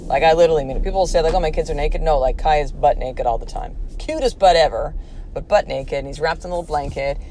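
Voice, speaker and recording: A woman in her thirties talks through a casual podcast monologue, candid and rambling, with plenty of fillers. Her voice sits on the low side. A faint background hum runs under the recording. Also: quick pace, mellow. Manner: candid, rambling, with lots of fillers and acted-out quotes. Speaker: podcast host.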